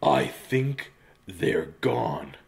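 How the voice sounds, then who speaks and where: Brief: hiccuping storybook bear, alternately weary and bursting with excitement, read aloud by a man. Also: low voice, drawn-out words, vocal fry, very noisy, voice pushed down, exaggerated voice. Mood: cautious.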